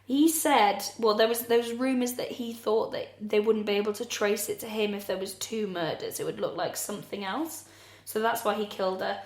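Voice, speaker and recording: A woman's voice: mid-range voice, normal speed, hardly any pauses, roomy sound. A woman co-hosting a comedy podcast, telling the story bluntly with swearing and laughter. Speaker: podcast co-host. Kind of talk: casual comedic chat.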